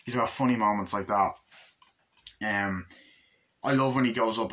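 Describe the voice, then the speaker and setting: A man giving a casual, rambling movie review, acting out scenes in quick bursts. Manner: rambling, acts out scenes in high excited voices.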